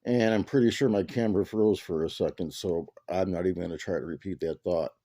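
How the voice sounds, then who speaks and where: A man's voice: deep voice, brisk, mellow. A man hosting and reacting to clips in blunt, sardonic casual chat. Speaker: podcast host.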